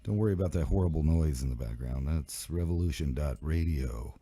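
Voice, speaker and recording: Low dark-voiced sick guy hosting a live radio stream, rambly and swearing, dry sound. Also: a little fast, slightly rough, dry recording. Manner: loose, rambling, profane banter. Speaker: radio show host.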